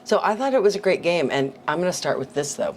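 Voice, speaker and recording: A woman's voice: lowish voice, big pitch swings, quick pace, a little hiss or hum. A woman from Washington State hosting a casual sports podcast, chatty and laughing often. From Spokane, Washington, USA. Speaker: podcast host.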